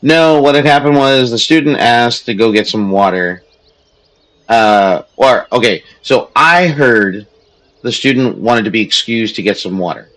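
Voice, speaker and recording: A man's voice: medium pitch, measured pace, a bit bright, low-quality recording. A man, a streamer who also teaches, chatting casually while he plays a strategy game, telling a story in a rambling way with many restarts.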